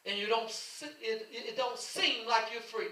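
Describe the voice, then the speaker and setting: A man's voice: very high voice, fairly even intonation, moderate pace, sharp tone. A male pastor preaching a fervent sermon, repeating his calls with passion, recorded from a distance in an echoing church. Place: church sanctuary.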